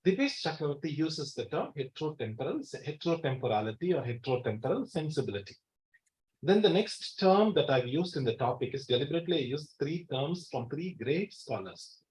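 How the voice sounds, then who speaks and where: A man's voice: fairly high pitch, very animated, fairly quick, darkish tone. A man giving an academic lecture in a college seminar hall, emphatic and repeating key words. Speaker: guest lecturer.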